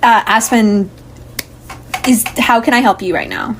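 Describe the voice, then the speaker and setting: A woman voicing a flustered, stammering camp nurse in a tabletop game podcast, speaking fairly high. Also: unhurried, a little hiss or hum. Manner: fussing, stammering.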